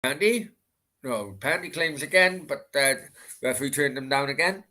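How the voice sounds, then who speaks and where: A man's voice: fairly high pitch, moderate pace, pushed and bright. A young man streaming a football watchalong, blunt and swearing at players while chatting with his viewers. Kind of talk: live match commentary and chat with viewers.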